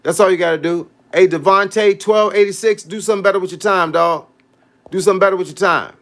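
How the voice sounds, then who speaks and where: A man's voice: high voice, quick pace. Hyped-up man in his fifties coaching. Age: 50s. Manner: animated, preachy, street slang. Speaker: boxing coach and livestream host. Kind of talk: casual livestream chat reading comments.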